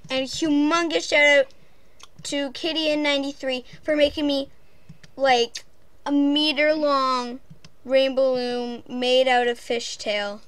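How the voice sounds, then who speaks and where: A woman's voice: high voice, fairly even intonation, measured pace, no echo. A woman host chatting casually and apologetically over gameplay, giggling often. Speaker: channel host.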